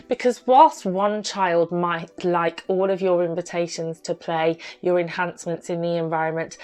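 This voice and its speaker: A woman's voice: on the low side, darkish tone. A woman giving practical, earnest advice to early years teachers.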